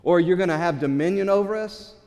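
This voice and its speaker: A man's voice: high voice, a little fast, a little mellow, lightly acted. A man voicing resentful older brothers who mock their younger brother in disbelief. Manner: sarcastic, incredulous. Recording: long hall reverb.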